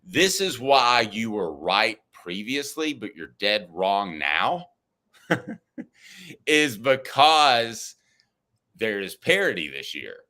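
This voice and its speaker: A man's voice: fairly low pitch, big pitch swings, unhurried, few pauses, bright, forceful tone. A middle-aged man co-hosting a casual sports talk podcast, arguing and teasing his partner. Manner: argumentative, teasing. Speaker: podcast co-host.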